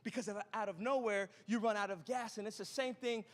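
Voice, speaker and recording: A man, preaching a sermon as a pastor, chatty and joking with quick asides to the congregation. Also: high voice. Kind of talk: sermon with a storytelling opening. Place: church auditorium. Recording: long hall reverb.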